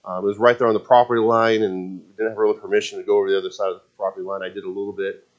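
A man in his forties tells a personal story in a casual, rambling way, with many restarts and fillers. His voice sits low. The recording is muffled and lo-fi. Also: flat delivery, very fast. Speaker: speaker telling a personal story. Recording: dull lo-fi sound.

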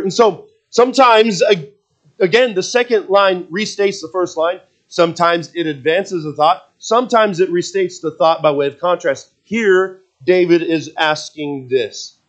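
Male preacher, higher pitch, emphatic sermon delivery with frequent restarts. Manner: emphatic, repeats himself, frequent restarts and fillers.

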